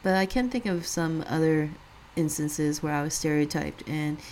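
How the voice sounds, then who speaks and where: Lower-voiced woman telling a story with laughter. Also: moderate pace, slight background noise. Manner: laughs often, animated when quoting others. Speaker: podcast co-host. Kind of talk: casual conversational storytelling.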